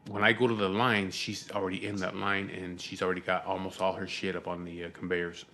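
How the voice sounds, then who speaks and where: A man's voice: low-pitched, flat delivery, brisk, pushed and bright. A middle-aged man, telling a profane, rambling story to camera in a casual vlog. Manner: profane, rambling, frequent "you know what I mean". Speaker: vlogger.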